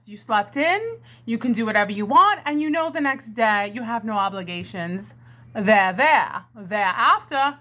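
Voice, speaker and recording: A woman talks into a karaoke mic with an echo, in a high, bright voice. She takes her time, drawing out a free-flowing comedy ramble. She plays it theatrical, working the crowd with "ladies and gentlemen.". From Brooklyn, New York. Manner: theatrical, addresses the audience as "my friends" and "ladies and gentlemen". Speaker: comedy vlogger. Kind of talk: rambling stream-of-consciousness comedy monologue. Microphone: handheld karaoke microphone.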